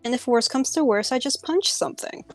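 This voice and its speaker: A woman's voice: sits high, a little fast, dry recording. A woman playing a tabletop role-playing game, chatty and often laughing. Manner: giggly, chatty. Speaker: player. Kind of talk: tabletop role-play chat.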